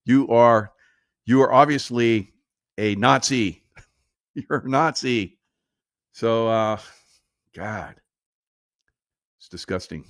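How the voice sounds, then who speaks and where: A man's voice: mid-range voice, takes it slowly, long pauses, no room sound, clean studio sound. A man hosting a casual political commentary show, sarcastic and laughing through mocking asides.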